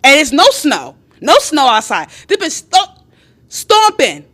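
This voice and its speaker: A woman's voice: high voice, wildly swooping pitch, a little slow, a bit bright, voice pushed up, heavily acted. A woman voicing a defensive boyfriend who was caught out, talking back in a crude, indignant and swaggering way. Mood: rattled. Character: defensive boyfriend caught texting, blustering and shifty.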